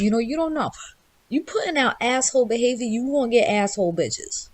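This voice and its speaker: A brash woman with a New York accent, ranting her advice with constant swearing. Her pitch sits a bit high and swings widely as she talks. She is a podcast co-host in casual talk. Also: expressive, brisk, slight background noise. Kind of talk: blunt profane advice rant.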